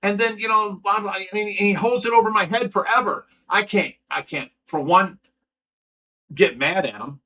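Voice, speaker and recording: A man's voice: sits high, moderate pace, pushed and bright, rough recording. A middle-aged man from Ohio hosting a casual livestream, talking bluntly and heatedly in long rambling stretches, swearing often and restarting his sentences. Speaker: fish rescue owner and livestream host.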